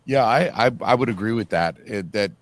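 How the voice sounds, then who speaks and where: A man's voice: fairly low pitch, fairly quick, dry recording. A man co-hosting a casual livestream chat, joking and enthusiastic, with lots of "like" fillers. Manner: joking, enthusiastic, says "like" often.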